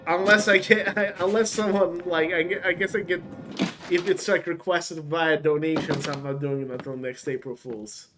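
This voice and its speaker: A man's voice: a little high, steady tone, normal speed, background noise. A man streaming a video game, chatting casually in a goofy, joking way. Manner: goofy, joking, laughs often. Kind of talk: casual gaming chat.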